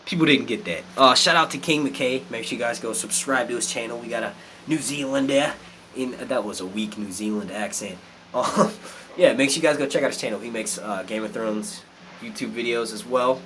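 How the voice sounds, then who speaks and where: Excitable man swearing on a live stream. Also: mid-range voice, a little fast, slight background noise. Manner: animated, swears a lot, reads chat comments aloud. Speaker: youtube live stream host. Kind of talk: casual live stream chat.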